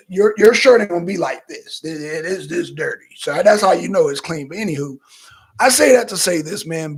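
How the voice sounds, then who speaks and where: A man co-hosting a talk show, talking in a loose, profane, animated way and often acting out his own reactions. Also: high-pitched, a little fast, breathy edge. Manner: animated, loose and profane, slips into quoting himself. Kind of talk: casual profane commentary.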